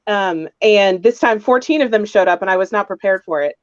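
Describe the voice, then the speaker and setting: A woman's voice: mid-range voice, fairly quick, dry recording, muffled recording. A woman on a roundtable panel, telling a rambling, chatty story about her tabletop game.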